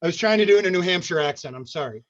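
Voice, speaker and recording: A man's voice: high-pitched, lively intonation, very fast. A man hosting an online improv show, joking and rambling playfully. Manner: jokey, rambling. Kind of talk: playful show hosting over video call. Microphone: video call. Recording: muffled lo-fi video call audio.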